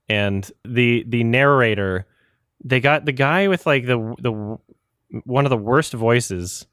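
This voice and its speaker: A man co-hosting a podcast tells a rambling story in casual chat, laughing often and restarting sentences. His medium-pitched voice is fairly bright, clear and resonant, captured on a dry, clean studio recording.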